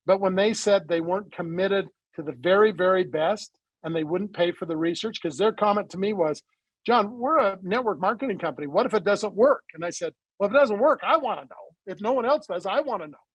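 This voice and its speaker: High, husky-voiced man telling a story. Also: no room sound, rough recording. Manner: animated storyteller who acts out quoted dialogue. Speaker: interview guest, supplement company founder. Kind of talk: conversational interview storytelling.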